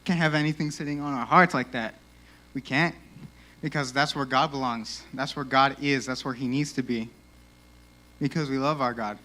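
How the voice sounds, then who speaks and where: A young man giving a casual, animated youth sermon in a church, peppered with "like," and a little out of breath. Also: medium pitch, normal speed. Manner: casual, animated, lots of 'like'. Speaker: youth speaker.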